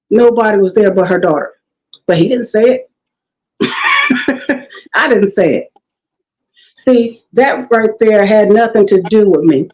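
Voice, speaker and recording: On a lo-fi recording, a woman with a medium-pitched, darkish voice tells stories as a guest in an easygoing interview. She's middle-aged, laughs frequently, and acts out the people she's quoting.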